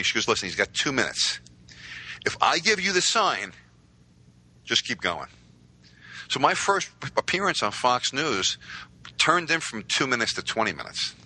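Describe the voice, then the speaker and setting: A man, telling stories as a podcast guest with lively voiced quotes. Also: medium pitch, rough recording. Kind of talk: casual storytelling.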